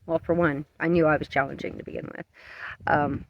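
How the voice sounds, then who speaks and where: A man talking earnestly to his camera outdoors at dusk, his voice shaky from cold and emotion, halting and self-conscious. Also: a little high, flat delivery, muffled recording, background noise. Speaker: vlogger. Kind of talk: emotional outdoor vlog monologue. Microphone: camera mic up close.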